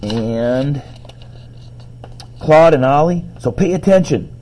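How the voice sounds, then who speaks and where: Guy doing a scrappy cocky kid brother, higher voice, storybook. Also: expressive, takes it slowly, a little mellow. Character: scrappy know-it-all boy.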